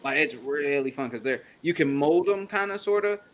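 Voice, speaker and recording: A man hosting a casual livestream chat, animated and chatty, laughing often. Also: fairly high pitch, moderate pace. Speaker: host.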